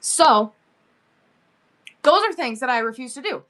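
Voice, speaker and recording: A woman's voice: high voice, expressive, measured pace, a bit bright. A woman in her forties hosting a live selling stream, talking emotionally about her son and gushing thanks to viewers. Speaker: livestream seller.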